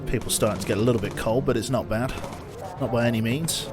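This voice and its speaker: A man's voice: mid-range voice, quick pace. Male streamer, mid-range voice, casual running commentary to chat, heavy game engine noise underneath. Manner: chatty, thinks aloud, talks to chat.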